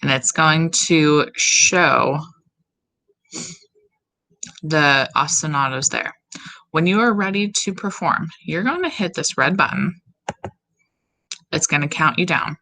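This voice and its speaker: A woman music teacher giving slow, step-by-step instructions in a recorded tutorial for her students. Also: sits low, pushed and bright, low-quality recording.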